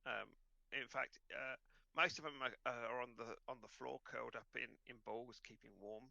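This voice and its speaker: A man's voice: mid-range voice, steady tone, normal speed, vocal fry, sharp tone, no room sound, muffled recording. A man running a tabletop game as game master, narrating hesitantly with many fillers and restarts.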